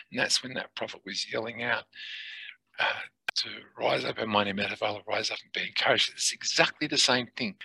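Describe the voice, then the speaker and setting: A middle-aged man telling a personal spiritual testimony in an earnest, halting way, sometimes dropping to near whispers. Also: medium pitch, sharp tone, slightly rough, dry recording, low-quality recording. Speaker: testimony speaker.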